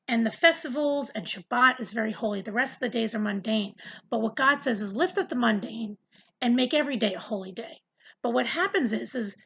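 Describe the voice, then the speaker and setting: A woman with a fairly high, slightly rough voice leads a casual, earnest Bible study to camera, heard on a low-quality recording. She talks conversationally and often repeats words while searching for her next thought.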